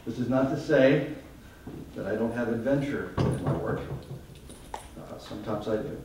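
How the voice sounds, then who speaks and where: A photographer gives a funny, self-mocking talk on stage to a live crowd in a big hall. His voice is mid-range with lively intonation and a normal pace, and the faraway mic captures echo and a noisy background.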